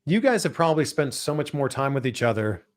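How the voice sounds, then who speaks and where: A man's voice: mid-range voice, big pitch swings, brisk. Eager male interview host. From Canada. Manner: enthusiastic, repeats words while finding his phrasing. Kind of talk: casual interview.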